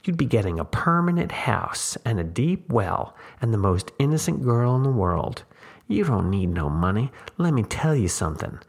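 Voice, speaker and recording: A scheming, toothless old countrywoman with a drawl, as a male narrator puts her on. She coaxes and wheedles in a folksy way, her voice gravelly and husky beneath a lifted pitch. It is a storybook reading. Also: very animated, moderate pace. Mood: persuasive. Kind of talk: audiobook character voice.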